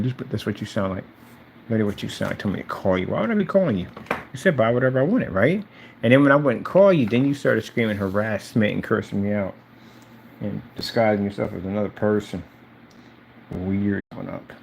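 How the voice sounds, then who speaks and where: A man's voice: fairly low pitch, expressive, brisk, vocal fry, darkish tone, a little hiss or hum. A man in a mocking, confrontational rant aimed at someone who isn't there, repeating his jabs over and over. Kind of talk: taunting rant addressed to someone absent.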